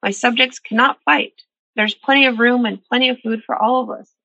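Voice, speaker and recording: A woman voicing a stern male coyote elder who booms out orders, in a husky, bright voice with a dull, dry sound. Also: flat delivery, measured pace, dry recording. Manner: booming, ordering.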